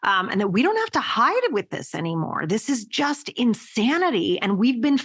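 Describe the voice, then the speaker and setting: Animated, emphatic woman podcast guest. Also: on the high side, normal speed, breathy edge. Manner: animated, emphatic, casually profane. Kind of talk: casual interview chat.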